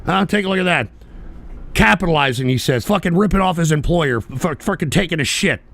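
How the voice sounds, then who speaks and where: An American man hosting a live political show, ranting with heavy profanity, erupting into shouts and reading viewer chat aloud. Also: a little high, expressive, a little fast, vocal fry. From United States. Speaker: host.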